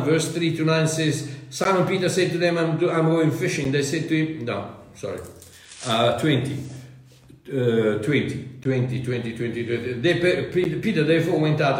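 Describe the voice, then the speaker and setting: A man preaches with fervour, circling back on his words and restarting his phrases as he builds each point. His voice sits a little high for a man. It rings through a very echoey room. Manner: fervent, restless preaching with many repeated words and restarts. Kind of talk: sermon.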